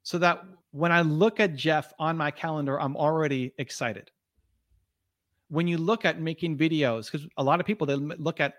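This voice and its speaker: Man, podcast guest, earnest and motivational, slightly high voice, dry close mic. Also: fairly quick, a bit bright, no echo. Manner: earnest, motivational, many restarts and fillers. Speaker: podcast guest, video creator. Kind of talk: conversational interview.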